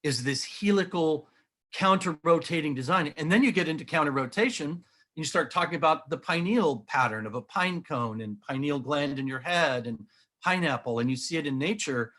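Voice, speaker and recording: A man's voice: a little high, expressive, normal speed, a bit bright. A middle-aged man with a slightly raised voice explains shapes in an earnest, eager way. He talks as he shows models, pointing things out as he goes, like a guest in a conversation. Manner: earnest, enthusiastic, demonstrative. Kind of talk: animated explanation while showing models.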